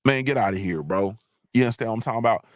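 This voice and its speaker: A man's voice: fairly low pitch, rapid-fire, no echo, studio quality. A man hosting a live online show, ranting in a casual, profane, repetitive way. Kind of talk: casual comedic rant.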